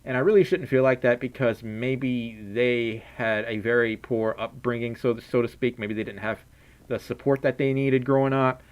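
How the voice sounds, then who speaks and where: A man's voice: mid-range voice, fairly even intonation, moderate pace, clear, resonant tone. A man answering viewer questions on a casual livestream, chatty, with stammering restarts and nervous laughs. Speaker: streamer. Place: at home, wearing a fursuit.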